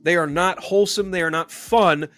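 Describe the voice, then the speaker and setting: A man's voice: high voice, steady tone, normal speed, a bit bright, soft background music. A man hosting a commentary show, ranting heatedly and swearing often.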